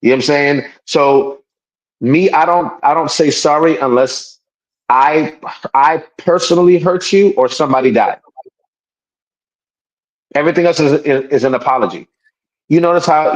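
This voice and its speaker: A man's voice: mid-range voice, poor audio. Man talking emphatically on a podcast. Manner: emphatic, repeats himself, restarts often; acts out quoted people in raised voices. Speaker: podcast co-host. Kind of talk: casual chat.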